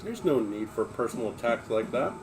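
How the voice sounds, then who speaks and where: A man's voice: mid-range voice, lively intonation, a little fast, soft background music. A man reading a memoir aloud on a livestream, in an emphatic, blunt manner with plenty of swearing.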